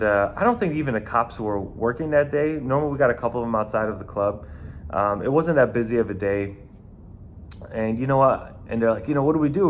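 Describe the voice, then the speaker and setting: A man's voice: fairly low pitch, slight background noise. Profane New York ex-bouncer man. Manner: profane, rambling, animated. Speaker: former nightclub bouncer. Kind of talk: casual storytelling.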